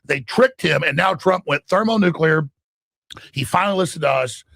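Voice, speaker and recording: A man with a gravelly, raspy voice delivering an emphatic, excited monologue as a talk show guest. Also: a little high, moderate pace, no room sound. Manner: emphatic, acts out quoted voices.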